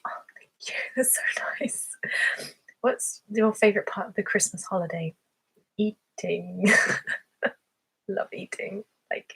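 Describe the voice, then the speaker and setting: Hosting an ASMR livestream, a southern English woman answers questions from viewers, casual and chatty, laughing often and leaning on filler words. The sound is poor, and her mid-range voice carries a husky quality.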